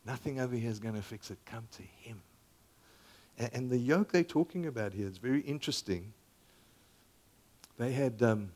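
A man in his sixties preaches like he is talking with friends. He pushes hard on some words and drops almost to a whisper on others, the loudness rising and falling all through the sermon. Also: lowish voice, moderate pace. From Zambia. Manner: animated and conversational, with dramatic volume swings down to near whispers. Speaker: pastor.

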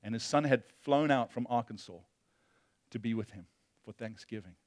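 A male pastor preaching a sermon, impassioned, moving between loud emphasis and hushed storytelling. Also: medium pitch, moderate pace, dry recording.

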